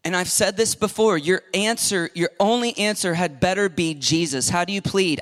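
A man's voice: high-pitched, moderate pace, hardly any pauses, a bit bright. Emphatic middle-aged male pastor preaching. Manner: emphatic preaching, voices quoted people, drops to whispers. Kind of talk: sermon.

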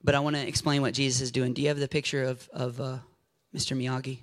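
A man preaching an animated, jokey sermon to a congregation, acting out scenes with a volunteer from the audience. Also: mid-range voice, fast talker. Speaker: pastor. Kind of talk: lively sermon with audience interaction. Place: church sanctuary before a congregation.

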